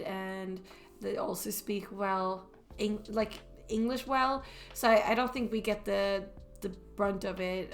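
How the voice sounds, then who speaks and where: A young Swedish woman with a Swedish accent and a creaky, mid-range voice chats casually while drawing on a stream. She rambles, restarting sentences and using fillers, with faint music in the background.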